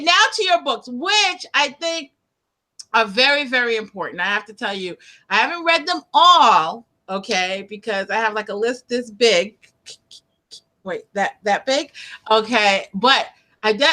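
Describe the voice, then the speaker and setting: A woman with a New York accent interviewing a guest over a video call from a room lined with books, chatty and animated, with many fillers and restarts. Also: on the high side. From United States, Northeast. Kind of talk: casual video interview chat.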